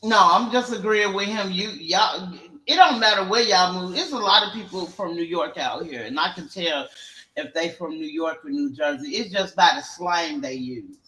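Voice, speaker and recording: Chicago dude talking slang, bright tense voice, roomy echo. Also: male voice, high voice, normal speed. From Chicago, Illinois. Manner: joking, slangy, lively. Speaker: panel participant. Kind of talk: casual chat.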